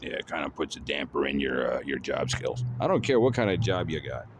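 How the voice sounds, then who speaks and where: A man's voice: extremely low pitch, a little fast, background noise. A man rambling in a casual monologue, drawling with lots of fillers like "you know" and "man".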